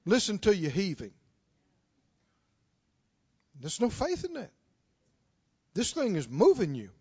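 Animated high-voiced male preacher. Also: slow, slightly rough, no echo, highs cut off. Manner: call-and-response, prodding the congregation with questions; swings from shouting to hushed storytelling. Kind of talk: sermon.

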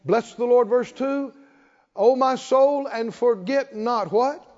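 A man preaching a sermon as pastor, leading the congregation in call-and-response and building to emphatic shouts. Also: very high-pitched, takes it slowly. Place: church sanctuary. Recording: reverberant hall, dull lo-fi sound.

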